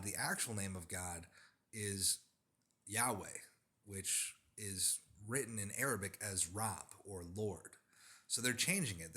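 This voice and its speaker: A man's voice: fairly low pitch, sharp tone. A man delivering an emphatic religious monologue, insistent and lecturing, repeating his points for emphasis. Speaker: religious commentator.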